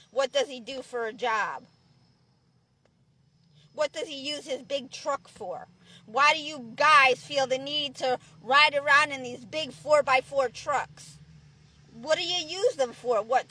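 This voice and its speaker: A woman's voice: sits high, unhurried, bright, forceful tone, slight background noise. A woman vlogging in a car, delivering a profane, preachy angry rant with many restarts. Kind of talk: angry ranting monologue.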